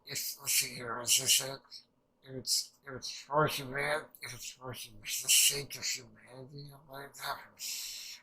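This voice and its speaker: Bright-voiced man rambling through a reaction. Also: medium pitch, little pitch movement, unhurried, poor audio. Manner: rambling, many restarts and fillers, swears casually. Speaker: reaction video host. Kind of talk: casual reaction commentary.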